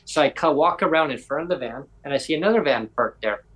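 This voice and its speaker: A man's voice: on the high side, expressive, fast talker, fairly bright tone, rough recording. A man hosting a podcast, telling a long story in casual chat and acting out other people's lines in quoted voices. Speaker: podcast host.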